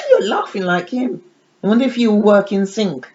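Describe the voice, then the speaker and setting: A woman's voice: mid-range voice, wildly swooping pitch, normal speed. A woman chatting casually while unboxing a baby doll, often cooing to her dolls in sing-song baby talk. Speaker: doll collector vlogger. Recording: dull lo-fi audio with clear background noise.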